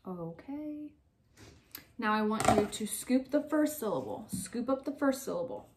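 A young woman teacher giving slow, clear, step-by-step instructions in a phonics lesson for young children. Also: a little high, animated, heavy background noise.

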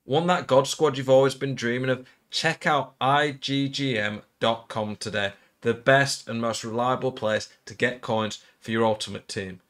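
A man's voice: medium pitch, steady tone, moderate pace, few pauses, fairly bright tone. A man reading a scripted sponsor ad in an upbeat, salesy way. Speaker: ad announcer. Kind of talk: scripted ad read.

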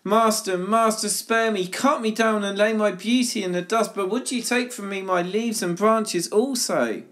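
Man doing a high, pleading bamboo plant. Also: moderate pace, fairly bright tone. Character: proud young male bamboo, devoted and pleading.

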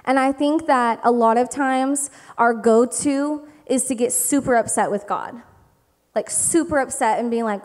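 A young woman preaching a humorous sermon to young adults, chatty and animated, often checking in with "okay?". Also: a little high, a little slow. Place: church hall. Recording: reverberant hall.

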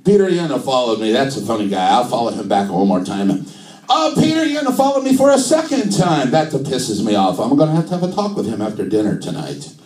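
A comedian putting on a fake Italian accent to play Jesus as an excitable man, talking in broken English. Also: medium pitch, fairly quick, reverberant, distant mic, natural voice. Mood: indignant. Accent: put-on Italian. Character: Jesus as a chatty social media user, adult man. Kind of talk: stand-up character bit.

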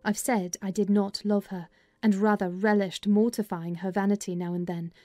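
A woman narrating a dramatized audiobook of a classic novel, with a measured, expressive storytelling manner. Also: medium pitch, dry recording, clean studio sound, faint music behind.

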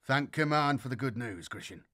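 A man's voice: mid-range voice, lively intonation, moderate pace, bright, forceful tone. A man voicing a weary male sergeant who gives terse, dry commands.

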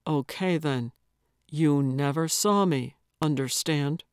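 A woman's voice: deep voice, slow pace, clean tone, no room sound, studio quality, voice pushed down. A woman voicing a stern, terse male secret agent who speaks in curt commands.

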